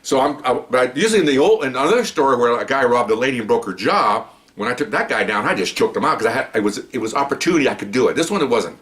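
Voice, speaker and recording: A man who was once a police officer, telling a long story in a rambling, animated way and often checking in with "okay?". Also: medium pitch, fast, few pauses. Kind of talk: casual spoken storytelling.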